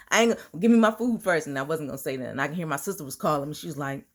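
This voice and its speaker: Lady vlogger with a deep low voice, chatty and laughing, talks like she's with friends. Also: rapid-fire, a bit bright. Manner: chatty storytelling, laughs often, slangy. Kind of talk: casual monologue to viewers.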